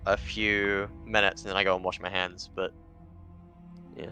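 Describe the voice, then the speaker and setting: A man chatting at a game table, telling a story in a measured, wry way. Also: low voice, level tone, pushed and bright, soft background music. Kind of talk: casual table chat.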